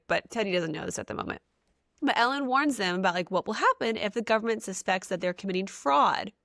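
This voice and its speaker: Animated woman chatting about a book. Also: medium pitch, dry recording, clean studio sound. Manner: animated, giggly recaps. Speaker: podcast co-host. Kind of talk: casual book discussion.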